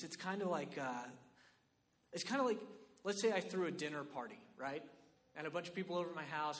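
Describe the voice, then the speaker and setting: A man preaching a sermon in an animated, conversational way, often checking in with his listeners. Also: on the high side, big-room sound. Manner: animated, conversational, lots of "right?" and "like".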